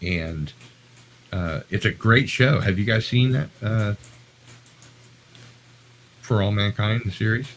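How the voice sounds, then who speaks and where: A man's voice: lowish voice, takes it slowly, pauses often, slight background noise, low-quality recording. An American man live-streaming, talking in a chatty, rambling, self-deprecating way. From United States. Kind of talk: casual live-stream chat.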